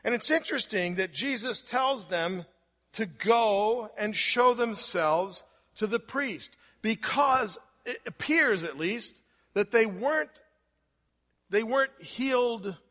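Male pastor, conversational sermon delivery, bright tone, recorded in a church with long echo. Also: high voice, lively intonation, slow pace. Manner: conversational preaching with rhetorical questions. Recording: long hall reverb.

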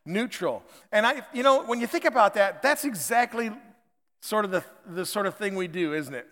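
Man in his 50s, American accent, high voice, folksy sermon, long echo of a church hall. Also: lively intonation, moderate pace, a bit bright. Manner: conversational, chatty and folksy. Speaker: pastor. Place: church sanctuary.

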